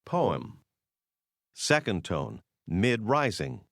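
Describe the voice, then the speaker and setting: Male course narrator, deep, lively pitch, measured, dry studio sound. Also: gravelly, no echo. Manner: measured, explanatory delivery. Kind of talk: scripted language-course narration.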